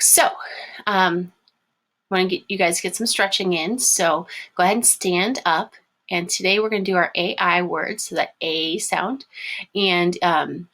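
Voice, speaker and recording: Woman teacher for a kids' remote phonics class: low, slightly husky voice, patient, encouraging, stretches words out sound by sound. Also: fairly bright tone. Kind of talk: online phonics lesson for young children.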